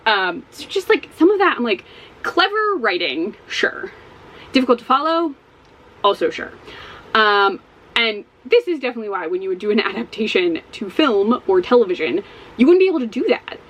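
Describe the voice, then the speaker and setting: Lively, exasperated woman vlogger. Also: on the high side, normal speed, rough recording. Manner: animated and exasperated, swears often. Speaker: book vlogger. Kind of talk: casual spoken book review.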